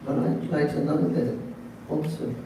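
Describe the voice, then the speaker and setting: A man plays a curious, wondering young male god, speaking in a soft, mellow voice. The sound reaches the mic from afar in a strongly echoing hall. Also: a little high, fairly even intonation, a little slow, slight background noise, close to an everyday voice. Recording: very echoey hall, distant mic.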